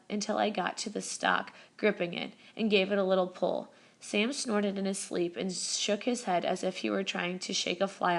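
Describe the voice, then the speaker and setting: A woman's voice: medium pitch, creaky. Woman reading a novel aloud. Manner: steady reading with small self-corrections. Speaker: reader. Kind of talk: audiobook narration.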